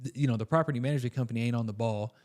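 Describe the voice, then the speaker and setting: A man's voice: mid-range voice, racing. A man co-hosting a podcast, telling a story in a casual, rambling way with lots of fillers, then acting out the people in it. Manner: rambling, many fillers and restarts; animated, acts out quoted people in a raised voice. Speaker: podcast co-host.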